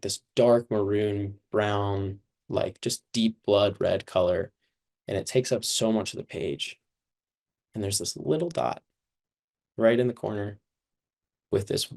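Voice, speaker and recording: A man's voice: lowish voice, vocal fry, darkish tone. A young man giving personal testimony as an interview guest, earnest and filling his speech with "like". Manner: earnest, heavy use of "like".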